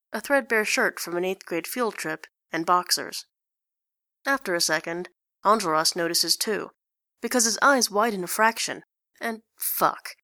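A woman's voice: mid-range voice, sharp tone, no room sound. A woman reading a story aloud in a dry, wry narrating manner. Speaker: story reader. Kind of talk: reading fan fiction aloud.

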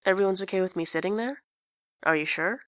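A woman's voice: medium pitch, fairly quick, a bit bright, dry recording, lightly acted. A woman voicing a guarded, tired young woman who talks tersely and dryly. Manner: terse, dry.

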